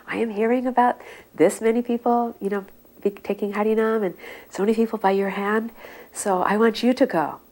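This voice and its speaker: A woman's voice: medium pitch, steady tone, brisk, voice pushed up, close to an everyday voice. A woman voicing an elderly male spiritual master who gives orders in a strong, emphatic way. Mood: firm, commanding. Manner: forceful, emphatic.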